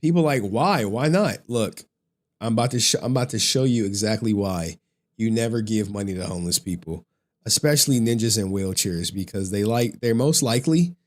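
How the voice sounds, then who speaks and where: A man's voice: on the low side, expressive, brisk. A man hosting a casual stream, slangy and emphatic, talking straight to viewers. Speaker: stream host.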